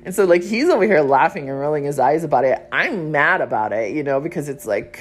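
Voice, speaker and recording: A woman with a low voice talks on her own podcast in a blunt, profane, casual monologue. Faint music plays behind her. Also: animated, a little fast, few pauses. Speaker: podcast host.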